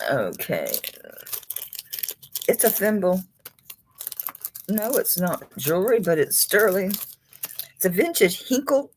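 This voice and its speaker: A woman's voice: on the low side, slight background noise. A woman hosting a live jewelry auction stream, chatting casually, chuckling and talking to the pieces she holds.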